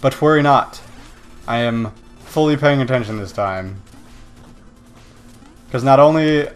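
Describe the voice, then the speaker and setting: With a clean-toned, mid-range voice, a man provides casual commentary on his own let's play. Excitable by nature, he mocks other gamers and lets out yelps and swears whenever he messes up.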